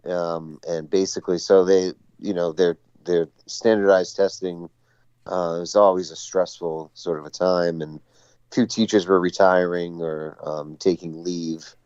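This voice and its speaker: A man's voice: low-pitched, steady tone, normal speed, darkish tone, no room sound, muffled recording. A man, a schoolteacher calling in as a guest, chatting casually, rambling and poking fun at himself. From Boston area. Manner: rambling, self-mocking, laughing at his own stories. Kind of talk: casual chat. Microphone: phone call.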